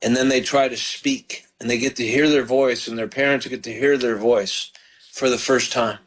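A man's voice: medium pitch, steady tone, normal speed, rough recording. A man, a pastor, hosting a live call-in show, fervent and encouraging as he prays with callers.

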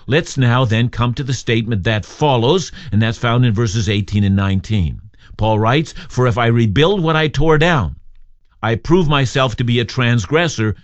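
A man's voice: medium pitch, no room sound, highs cut off. A man preaching a radio sermon, earnest and emphatic, reading scripture and posing rhetorical questions. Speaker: radio Bible teacher.

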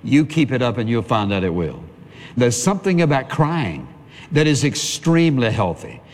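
A man delivers a sermon in an earnest, conversational way, stacking phrase upon phrase. His voice sits at a middling pitch. The sound carries the long reverb of a large hall. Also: sing-song, normal speed, a little mellow. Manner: earnest, conversational preaching with repetition. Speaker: pastor.

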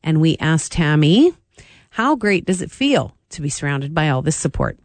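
A woman's voice: deep voice, sing-song, normal speed, no echo. A woman hosting a radio news segment in an upbeat, smiling way, on a studio mic. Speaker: radio host.

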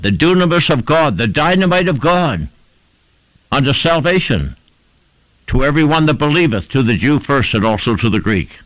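Preaching a sermon, a man with a medium-pitched voice rises and falls with lively energy, hitting key words hard and stacking rhythmic lists of repeated phrases. The audio is close and dry, with almost no room echo.

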